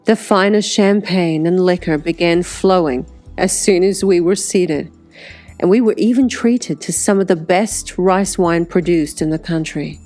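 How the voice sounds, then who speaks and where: Slow-reading woman audiobook narrator. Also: fairly low pitch, dark tone, faint music behind. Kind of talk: first-person audiobook narration.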